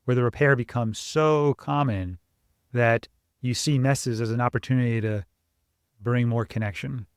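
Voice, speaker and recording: A man co-hosting a parenting podcast, explaining ideas in a casual, animated way and acting out family scenes. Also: medium pitch, moderate pace, clean tone, no room sound, clean studio sound. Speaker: podcast co-host, parenting coach.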